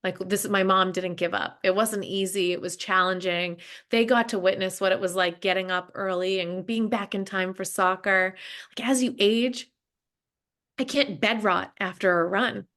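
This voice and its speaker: A woman, a guest telling her story in a casual interview, animated and talkative. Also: medium pitch. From Boston, USA. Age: 30s. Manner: animated, talkative, quick bursts with laughter. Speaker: interview guest, marathon runner.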